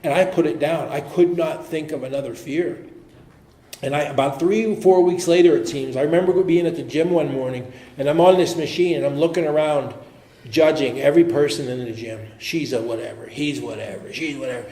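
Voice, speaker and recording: A man speaking as an AA speaker, telling his personal recovery story in an earnest, halting way with frequent restarts. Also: fairly high pitch, warm tone. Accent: American. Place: meeting hall. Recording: echoey room with faint noise.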